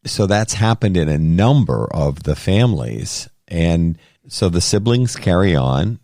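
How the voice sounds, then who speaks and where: A middle-aged man with a very low, deep voice talks through his experiences as a podcast co-host. He is earnest and rambling, and he often restarts his sentences. The sound is dry and close, with no room echo. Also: expressive, unhurried, dark tone. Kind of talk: casual conversation.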